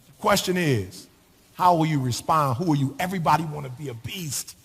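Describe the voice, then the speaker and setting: A man's voice: fairly high pitch, a little fast, fairly bright tone, slightly rough. A middle-aged man giving a motivational speech, preaching with a sing-song rhythm and piling up rhetorical questions. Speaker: motivational speaker. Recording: long hall reverb.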